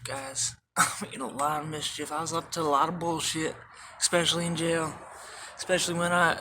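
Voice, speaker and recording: A woman's voice: sits low, pushed and bright, slight background noise. Profane, laughing woman telling stories. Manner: profane, laughing, rambling anecdotes. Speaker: vlogger. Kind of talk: casual storytelling.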